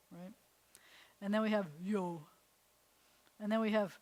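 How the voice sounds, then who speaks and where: An American woman, a rabbi, teaching a beginners' Hebrew class in a lively, chatty way. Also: mid-range voice, measured pace, long pauses, low-quality recording. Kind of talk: classroom lesson. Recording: faint hiss.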